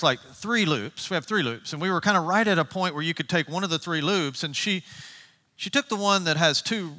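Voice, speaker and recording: A man preaching in a casual, storytelling way, his voice high and bright. He restarts phrases often as he talks. The sound carries a long reverb from a big hall. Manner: conversational, animated storytelling with restarts. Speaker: pastor. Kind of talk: sermon.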